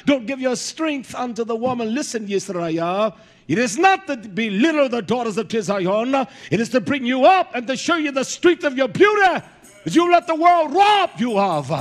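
A male preacher with a very high voice that swoops up and down, delivering a blunt, fiery sermon. He often shouts his points, swears freely and fills gaps with "uh" and repeated words.

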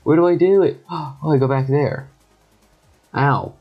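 A young man giving casual, joking gameplay commentary with quick excited reactions and sarcastic asides. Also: on the high side, lo-fi sound. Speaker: gaming YouTuber. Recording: faint background music.

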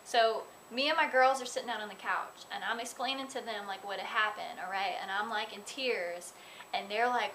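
A woman actress telling a lively on-set story in an interview, chatty and full of "like". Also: on the high side, normal speed, slight background noise. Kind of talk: animated anecdote in interview.

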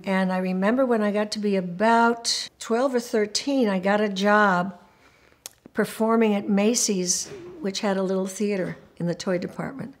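An older woman recalls her past in an animated, expressive way. She acts out the voices of the people in her stories, often breaking into laughter as she talks. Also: mid-range voice, normal speed. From Puerto Rico. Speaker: interviewee. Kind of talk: documentary interview storytelling.

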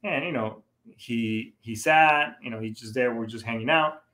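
A man's voice: medium pitch, moderate pace, pushed and bright. A middle-aged man and Marine veteran telling a personal story to his viewers in a casual, rambling way, full of "you know" fillers and restarts. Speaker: show host, Marine veteran.

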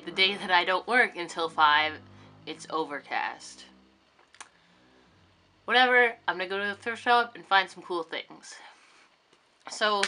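Bright young woman chatting casually. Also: mid-range voice, slight background noise. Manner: chatty, rambling, full of fillers. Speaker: vlogger. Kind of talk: casual vlog chat. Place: her bedroom, indoors. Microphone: camera on a tripod facing her.

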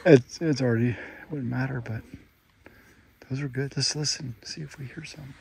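A man speaks in a hushed, casual way as he points out noises to his group. He is out in the woods at night, with a faint hiss under his voice and a pitch in the middle. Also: steady tone, fairly quick, creaky. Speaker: bigfoot researcher. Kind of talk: casual field talk.

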